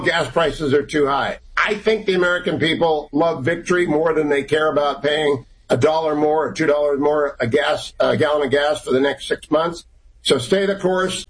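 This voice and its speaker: A middle-aged man giving forceful, rapid-fire opinions as a guest on a political talk radio show. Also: fairly high pitch, rough recording.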